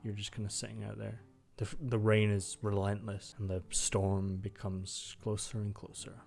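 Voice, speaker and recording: A man's voice: on the low side, little pitch movement, moderate pace, gravelly, darkish tone, soft background music. A man narrating as game master, loose and full of fillers.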